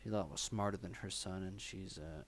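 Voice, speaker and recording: A man's voice: sits low, brisk, a little hiss or hum. A man co-hosting a film podcast, talking in a loose, rambling way with many fillers. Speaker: podcast co-host. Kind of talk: casual chat.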